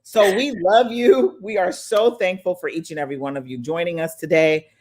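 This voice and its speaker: A woman's voice: fairly low pitch, moderate pace, a little mellow. A woman hosting a live online summit in casual, motivational chat. She sounds affectionate and upbeat, calling listeners "baby" and "y'all". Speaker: summit host.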